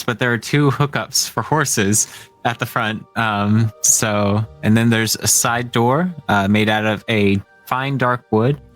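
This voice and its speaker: Low-voiced man running a tabletop game, hesitant and descriptive. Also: fairly bright tone. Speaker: game master.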